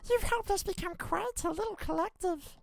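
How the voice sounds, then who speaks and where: A man voicing a gentle, motherly insect queen in a video game, reading her lines aloud in a soft, kindly, sentimental way. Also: very high voice, moderate pace, vocal fry, no echo, faint music behind, pitched above the performer's own voice, exaggerated voice. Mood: tender.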